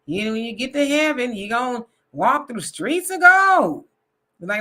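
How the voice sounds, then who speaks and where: A woman hosting a live online talk show in a bright, clear voice. She talks frankly in a loose, casual way and reads out viewer comments. Her laugh comes easily and often. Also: on the high side, sing-song, moderate pace.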